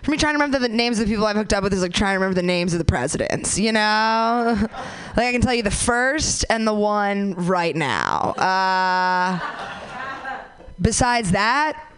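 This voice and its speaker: A woman's voice: medium pitch, normal speed, a bit bright. A young woman doing a stand-up comedy set, crude and self-mocking, rambling with lots of likes and you knows. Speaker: stand-up comic.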